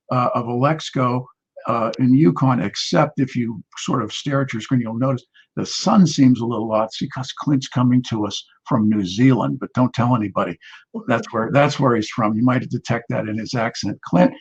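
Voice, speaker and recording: A man's voice: mid-range voice, moderate pace, darkish tone, slightly rough. A man hosting a virtual investor panel, talking with folksy, jokey enthusiasm. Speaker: host. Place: at home on a video call. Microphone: video call. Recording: slightly muffled video call audio.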